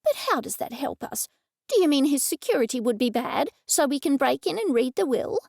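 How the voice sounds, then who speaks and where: A haughty woman speaking with disdain in clipped phrases, read by a woman narrator. Her voice is raised and gravelly, recorded close and dry. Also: high voice, sing-song, brisk, a little mellow, dry recording, voice pushed up, exaggerated voice. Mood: disdainful.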